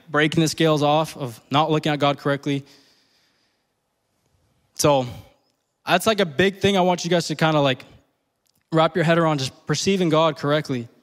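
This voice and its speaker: A man's voice: on the high side, normal speed, long pauses. Earnest young man preaching casually. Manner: earnest and conversational, full of fillers, rises to near-yelling at peaks. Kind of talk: casual sermon.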